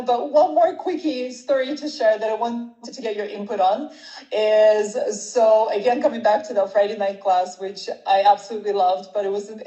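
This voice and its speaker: A woman's voice: on the high side, dark tone. A woman hosting a conversational interview, upbeat and chatty. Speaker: podcast host. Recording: echoey room.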